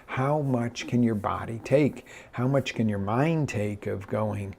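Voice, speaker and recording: A man coaching live in an energetic, direct way, addressing his listeners with many quick restarts. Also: medium pitch, creaky. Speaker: life coach. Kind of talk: live motivational talk.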